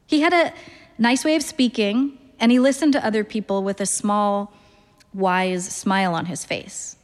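A woman's voice: medium pitch, expressive, moderate pace, long reverb tail. A woman reading first-person literary fiction aloud in a wry, understated way. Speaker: narrator.

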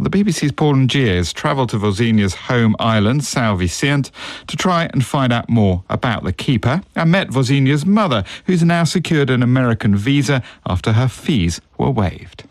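A man's voice: medium pitch, no echo. Male radio news presenter, dry studio. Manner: measured, clear broadcast delivery. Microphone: studio microphone.

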